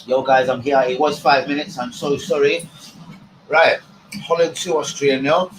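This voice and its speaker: A man's voice: medium pitch, little pitch movement, moderate pace, roomy sound, a little hiss or hum, rough recording. A man hosting a live stream from home, chatting loosely with viewers and swearing freely. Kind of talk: casual live stream chat. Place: room at home.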